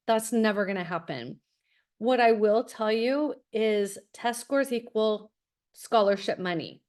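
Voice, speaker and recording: A middle-aged woman, a college admissions consultant, talking to parents in a masterclass, direct and full of stories. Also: mid-range voice. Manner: direct, anecdotal, acts out quotes. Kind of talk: webinar masterclass talk.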